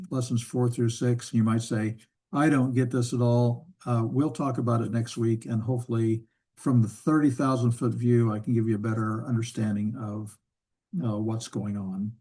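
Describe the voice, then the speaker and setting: A man teaching a church Bible Hebrew class in a relaxed lecture style, thinking aloud with fillers and asking himself rhetorical questions. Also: mid-range voice, normal speed.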